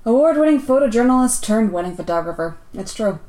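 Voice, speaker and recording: A woman voicing a weary grown man, a photographer, speaking softly and wryly. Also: a little high, animated, quick pace, roomy sound, natural voice. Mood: rueful. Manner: soft, wry, resigned.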